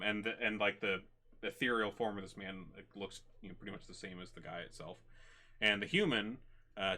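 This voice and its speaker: A man narrating a tabletop game as game master, in a halting way with many ums and restarts. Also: low-pitched, pushed and bright.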